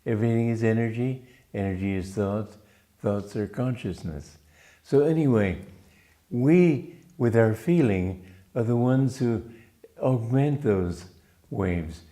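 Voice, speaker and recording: In a fairly low voice, this Romanian spiritual teacher offers a soft, reflective talk at an unhurried pace, with the occasional small restart.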